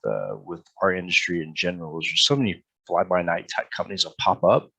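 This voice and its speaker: A male podcast host speaks with a very low, deep voice in a relaxed, earnest way, often stumbling over his first words. The recording is dry and close, with no room echo. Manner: earnest, repeats words when starting sentences. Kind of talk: casual interview chat.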